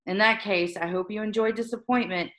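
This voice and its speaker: A woman's voice: mid-range voice, fairly even intonation, a little fast, fairly bright tone, close to an everyday voice. A woman reading as a curt, guarded teenage boy. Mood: derisive. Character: cold defensive teenage boy, cutting and guarded.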